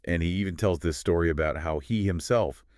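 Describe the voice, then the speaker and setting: A man co-hosting a podcast, talking in a relaxed conversational way and summing up points. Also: deep voice, fairly quick, no room sound, clean studio sound. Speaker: podcast co-host. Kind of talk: casual chat about pronunciation.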